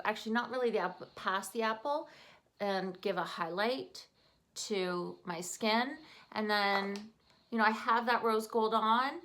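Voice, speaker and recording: Her voice is medium in pitch and a little bright, carrying a Canadian accent. As a makeup artist walking through a tutorial, she talks in a chatty, upbeat way while she does her makeup.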